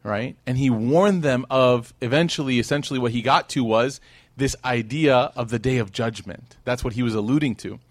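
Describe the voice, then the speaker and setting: A religious teacher lectures a live audience through stories, asking the crowd rhetorical questions and acting out the people he quotes. His animated voice is medium in pitch and moderately paced, with no echo.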